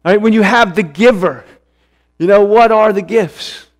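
A man preaching a sermon in an earnest way, slowing down and repeating phrases for emphasis. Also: sits high. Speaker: pastor.

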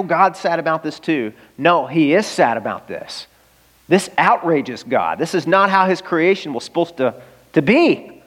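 A man preaching in a slightly high voice, earnest and emphatic, pressing his points with rhetorical questions. His words ring out through the long reverb of a large church sanctuary. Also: fairly bright tone. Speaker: pastor. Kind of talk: sermon.

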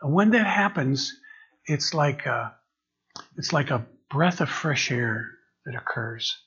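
Halting interim pastor, husky voice. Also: male voice, mid-range voice, expressive, fairly bright tone. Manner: halting, repeats words while searching for phrasing. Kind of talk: sermon. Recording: dull lo-fi recording.

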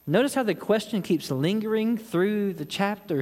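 A man's voice: high voice, animated, normal speed, hardly any pauses, darkish tone. A man preaching a sermon on a Bible passage, asking rhetorical questions and voicing the people in the text. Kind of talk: expository sermon. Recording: long hall reverb.

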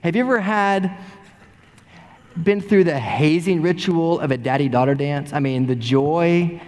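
A middle-aged male pastor preaching an animated sermon, full of repeated rhetorical questions. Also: on the high side, a little slow. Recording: long reverb in a large sanctuary.

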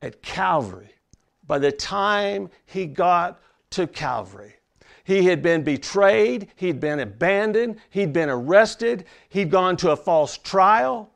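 A man preaching a sermon with a gravelly edge to his slightly high voice. He talks slowly and dramatically, letting each phrase land and sometimes sinking to a near whisper. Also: lively intonation. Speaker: pastor.

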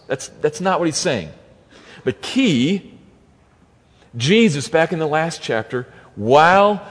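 Earnest preacher man in a reverberant hall. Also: on the high side. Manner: earnest, emphatic, repeats key phrases. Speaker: pastor. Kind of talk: sermon.

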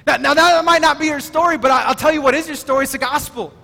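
A man preaching a sermon as pastor, emphatic and excitable, often stumbling over his words as he restarts. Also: extremely high pitch, quick pace, creaky. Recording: long hall reverb.

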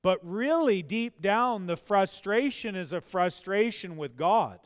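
Impassioned pastor preaching, long reverb. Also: male voice, high-pitched, lively intonation, measured pace. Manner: impassioned, rising to emphatic pleas. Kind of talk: sermon.

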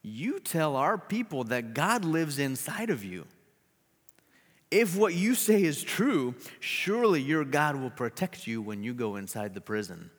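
A man voicing a frantic middle-aged male prison governor, pleading loudly and in a high-strung way. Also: sing-song, normal speed, hardly any pauses, in a large hall. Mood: desperate pleading.

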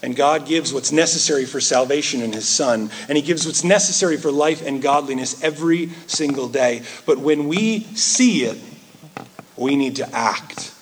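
A man preaching a sermon in an earnest way, rising into animated quoted asides. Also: fairly high pitch, normal speed, slight background noise. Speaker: pastor.

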